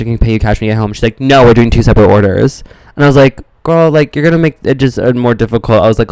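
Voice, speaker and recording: A man co-hosting a podcast, telling animated stories in casual chat and acting out the people he quotes. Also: lowish voice, smooth, no room sound, poor audio. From American Midwest. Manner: animated storytelling, acts out quotes. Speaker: podcast co-host.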